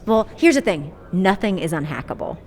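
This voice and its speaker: A woman, a security expert guest on a podcast, explaining with fast, confident emphasis. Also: lowish voice, big pitch swings, darkish tone. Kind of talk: podcast interview.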